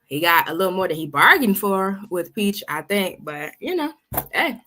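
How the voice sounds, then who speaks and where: A woman hosts a reaction video and comments on a clip in a bright, forward voice. She speaks bluntly and sarcastically. Her pitch sits in the middle range. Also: very animated, moderate pace, soft background music. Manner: blunt, sarcastic, laughing remarks.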